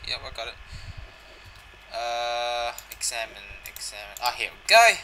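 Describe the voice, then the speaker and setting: A man's voice: mid-range voice, very animated, measured pace, sharp tone, slight background noise, poor audio. A young man giving a casual, jokey video game walkthrough, swearing and reading the in-game dialogue aloud. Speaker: gaming channel host.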